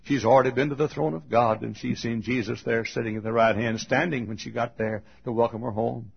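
Gravelly, husky preacher man, shouting. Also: steady tone, brisk. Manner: swings from shouted high cries to hushed low tones, laughs between phrases. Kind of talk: fiery funeral sermon. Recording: dull lo-fi recording.

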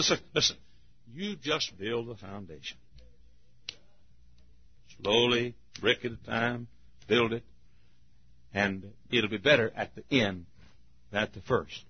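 An older preacher giving a sermon, moving from quiet storytelling to shouted emphasis, with frequent coughs. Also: male voice, a little high, a little slow, pauses often, slightly rough. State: coughing often. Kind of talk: fiery sermon. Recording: muffled lo-fi sermon tape.

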